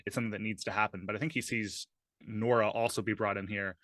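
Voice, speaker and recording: A man with a fairly low but bright, forward voice describes his character's actions as a player in a tabletop game, thoughtful and loose with lots of fillers. The recording is dry and close, with no room sound. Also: steady tone, fast talker, dry recording.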